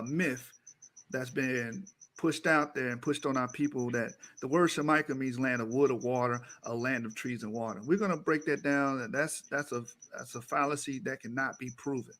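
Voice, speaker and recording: A man co-hosting a talk, presenting slides in a lecture style. He is emphatic, repeating key words and climbing in pitch when he drives a point home.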